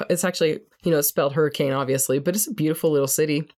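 A woman's voice: deep voice, fairly even intonation, racing, a little mellow. A woman co-hosting a podcast, chatty and self-deprecating, laughing often. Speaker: podcast co-host. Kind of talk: casual podcast chat and book reading.

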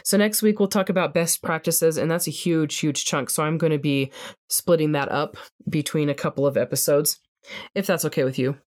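A woman's voice: sits low, fairly even intonation, moderate pace, a little mellow. A woman co-hosting a podcast, chatty and self-deprecating, laughing often. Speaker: podcast co-host. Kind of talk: casual podcast chat and book reading.

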